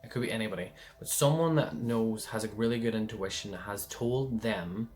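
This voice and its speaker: A man's voice: lowish voice, normal speed, a little mellow, faint music behind. A man giving a casual pick-a-card tarot reading, rambling and chatty, often checking in with the listener.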